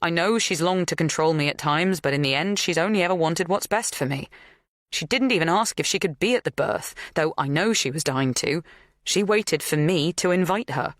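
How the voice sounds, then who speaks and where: A woman narrating a first-person psychological thriller in a measured, tense, intimate way. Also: deep voice, no echo, clean studio sound. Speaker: audiobook narrator.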